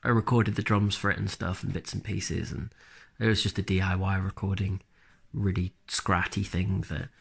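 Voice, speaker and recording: A man from England with a Black Country accent, a band drummer chatting casually in an interview in a relaxed, rambling, plain-spoken way, speaking quietly and close to the mic. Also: low voice, moderate pace, gravelly, slightly rough. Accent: Black Country English.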